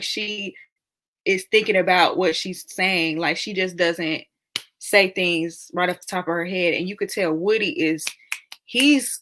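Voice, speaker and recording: A young woman hosts a relaxed live chat and answers viewer comments one by one. Her voice is bright and clear, and she laughs often. She keeps the talk loose and chatty. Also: on the low side, a little hiss or hum. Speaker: live stream host.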